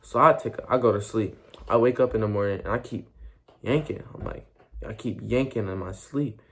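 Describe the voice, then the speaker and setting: A man's voice: lowish voice, normal speed, fairly bright tone. A young man telling a personal story in a casual, rambling way, full of slang and restarts.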